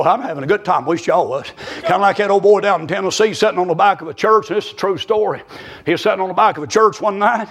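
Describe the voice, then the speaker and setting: A man preaching a sermon, shouting and chanting with folksy stories, short of breath. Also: high voice, husky.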